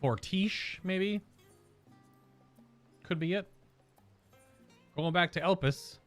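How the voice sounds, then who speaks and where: A man's voice: high voice, slow, a bit bright, faint music behind. An American man chatting casually while streaming a game, rambling and searching aloud for words. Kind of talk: casual gameplay chat.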